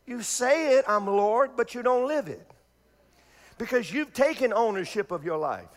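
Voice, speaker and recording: Middle-aged pastor, male, high and animated, repetitive fervent preaching. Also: moderate pace, in a large hall. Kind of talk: sermon. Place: church before a congregation.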